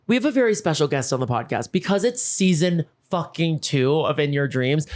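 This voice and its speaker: A man's voice: on the high side, lively intonation, normal speed, hardly any pauses, darkish tone. A man hosting a podcast, telling a comic story and acting out both sides of each conversation. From Los Angeles. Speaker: podcast host. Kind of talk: comedic storytelling monologue.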